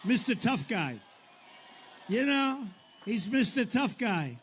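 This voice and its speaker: Older male politician, digressive mocking delivery, high-pitched, long reverb. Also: very animated, takes it slowly, slightly rough. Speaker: politician speaking at rallies and on a podcast. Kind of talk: rambling rally speech and podcast chat. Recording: roomy reverb with faint background noise.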